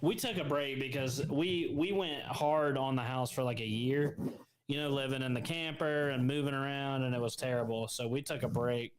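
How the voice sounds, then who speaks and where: A man's voice: medium pitch, fairly even intonation, normal speed, noisy background. Male co-host, easygoing chat voice, rambles with false starts. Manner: rambling, hesitant with many restarts. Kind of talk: casual chat.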